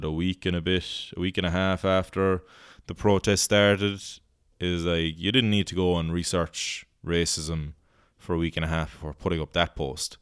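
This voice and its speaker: Irish male podcast host, low and smooth, dry booth sound; loose comic rambler who swears freely. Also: no echo. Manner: rambling, swearing, goofy put-on voices. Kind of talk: casual comedic monologue.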